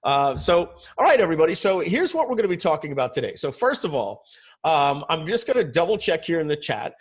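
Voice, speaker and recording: A middle-aged man whose first language is French appears as a guest presenter on a webinar over a video call, telling stories in a chatty way with many fillers. His voice is a little high and breathy-edged, and he speaks fast and very animatedly.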